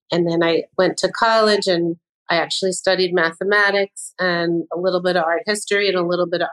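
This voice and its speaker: A woman's voice: on the low side, a bit bright, low-quality recording. A woman in her fifties, a fashion designer guest on a podcast, talking in a candid, self-deprecating way. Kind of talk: casual interview chat.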